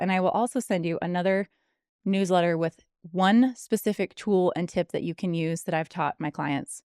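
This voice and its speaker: A woman career coach hosting her own podcast, talking through advice in an encouraging, excited way and sounding a little out of breath. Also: medium pitch, clean tone, no room sound, studio quality. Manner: enthusiastic, encouraging, slightly out of breath. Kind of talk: solo podcast advice monologue.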